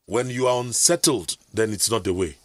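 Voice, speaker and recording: A man's voice: fairly low pitch, normal speed, dry recording. A middle-aged man, telling rambling stories in casual chat, with preachy asides.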